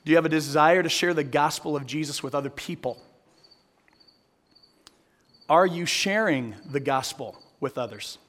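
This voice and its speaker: A man's voice: fairly high pitch, normal speed, pauses often, a bit bright. A man preaching a sermon to a live audience, telling a story and then asking the audience earnest direct questions. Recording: long hall reverb.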